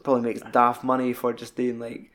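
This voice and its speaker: A man's voice: mid-range voice, completely flat delivery, brisk, fairly bright tone. Sweary man chatting films. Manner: loose, sweary, lots of "like". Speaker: podcast co-host. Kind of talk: casual film chat.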